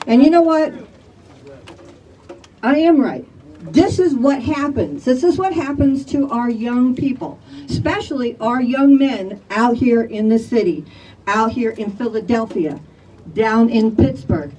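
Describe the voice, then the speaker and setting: An older woman from Chicago gives impassioned testimony at an outdoor gathering, pressing each point on the crowd. Her voice sits a little high, and she is caught from some distance, with faint street and crowd noise behind her. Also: lively intonation, unhurried, mellow. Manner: emphatic, rallies the crowd with "all right?". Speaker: speaker at a community rally.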